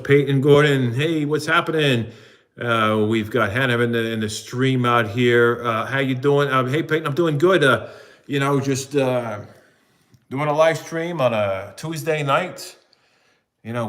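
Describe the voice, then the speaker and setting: A middle-aged man talks loosely on a live stream. He rambles from thought to thought, laughing at himself, in a voice of ordinary pitch. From New Jersey. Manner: rambling, self-mocking, jumps into excited put-on voices. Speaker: vlogger doing a live stream. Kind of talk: casual live-stream chat.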